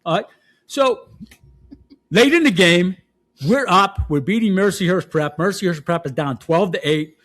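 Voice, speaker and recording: An older man, a football coach telling stories on a podcast, laughing and acting out shouted quotes. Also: high-pitched, unhurried. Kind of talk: casual storytelling.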